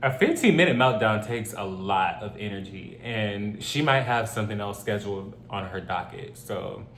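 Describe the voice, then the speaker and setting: A man's voice: fairly low pitch, expressive, normal speed, a bit bright. A man reading a story aloud and reacting to it in casual commentary, blunt and opinionated with joking asides. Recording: roomy echo, faint hum.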